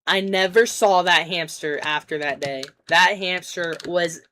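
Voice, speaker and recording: Low-voiced woman streamer telling a rambling story. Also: measured pace, pushed and bright, slight background noise. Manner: rambling, swears casually, jokey asides. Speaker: game streamer. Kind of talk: casual storytelling while gaming. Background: keyboard typing and clicks.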